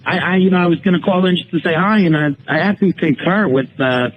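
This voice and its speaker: A man calling a radio show, rambling with halting restarts and self-deprecating asides. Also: sits high, narrow, tinny audio, slight background noise. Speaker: caller. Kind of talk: phone-in chat.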